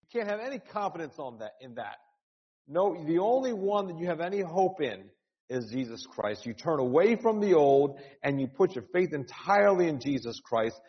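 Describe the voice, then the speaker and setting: In a dull-sounding recording with long hall reverb, a male pastor preaches an urgent, earnest sermon. His fairly high voice is very animated and moves at a normal speed, and he often repeats words before rising into cries.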